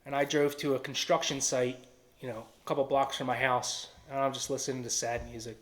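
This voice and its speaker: A man's voice: mid-range voice, flat delivery, a little fast, a bit bright. A man with a Philadelphia-area accent giving an earnest personal testimony and acting out quoted dialogue. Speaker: testimony speaker.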